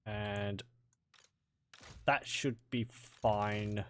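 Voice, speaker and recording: A man's voice: on the low side, steady tone, extremely slow, a bit bright. A man giving casual, wry let's-play commentary on a strategy game, chatting and laughing along.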